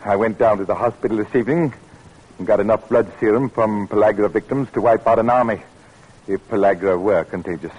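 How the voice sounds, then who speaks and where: Determined doctor, earnest and measured, husky, lo-fi old radio sound. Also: male voice, fairly low pitch. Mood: angry, resolute. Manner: earnest, measured, flares into anger. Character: determined, stubborn middle-aged male doctor and researcher. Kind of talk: 1940s radio acting. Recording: dull lo-fi old radio recording.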